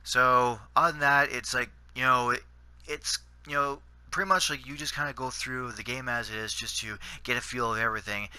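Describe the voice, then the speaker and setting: A man's voice: medium pitch, steady tone, brisk, bright, forceful tone, clear, resonant tone, no room sound. A Canadian man giving rambling gameplay commentary, full of fillers and restarts. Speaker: gaming channel host.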